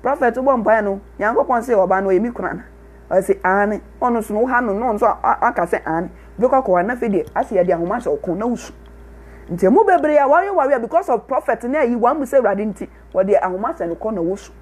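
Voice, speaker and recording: High-voiced Ghanaian woman preaching. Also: lively intonation, fast, darkish tone, slightly rough. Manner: repetitive, emphatic preaching, switching between Twi and English. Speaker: prophetess and preacher. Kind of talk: sermon.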